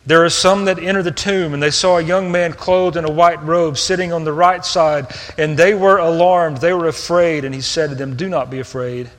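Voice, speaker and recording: A man's voice: a little high, fairly even intonation, normal speed, hardly any pauses. Man preaching with hall reverb. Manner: earnest, swings from soft and hushed to raised and emphatic. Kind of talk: sermon.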